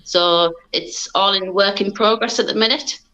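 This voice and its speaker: A woman's voice: medium pitch, moderate pace, sharp tone. A British woman enthusiastically explaining an idea as a podcast guest. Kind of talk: casual podcast chat. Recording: dull, muffled audio.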